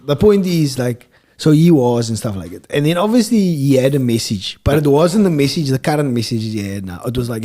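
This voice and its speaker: A man's voice: medium pitch, lively intonation, a little fast, mellow. A man co-hosting a casual podcast chat, rambling and repeating words as he works out a point. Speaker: podcast co-host.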